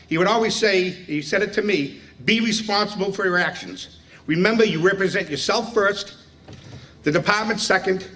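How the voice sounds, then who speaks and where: A man's voice: high voice, fairly bright tone. Man telling dinner stories. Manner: storytelling, joking, acts out quoted dialogue. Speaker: speaker at a retirement dinner. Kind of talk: speech with anecdotes. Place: banquet room. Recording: distant mic with faint room noise.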